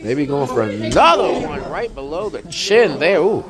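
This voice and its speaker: A man's voice: on the high side, sing-song, normal speed. A man doing joking play-by-play commentary for a wrestling match, his voice jumping up sharply at the big moves. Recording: loud crowd and music behind.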